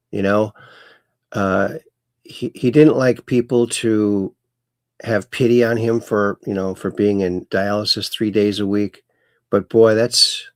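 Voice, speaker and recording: A man hosting a casual livestream in a gravelly, easygoing voice. He rambles along and reads viewer comments aloud, and the mic is close and dry. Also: lowish voice, dry recording. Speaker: host.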